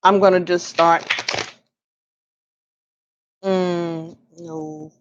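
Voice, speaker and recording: A woman's voice: fairly low pitch, flat delivery, very slow, dull audio, background noise. A tired woman casually reading tarot cards on a live stream, chatting with viewers by name and laughing often. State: tired, yawning.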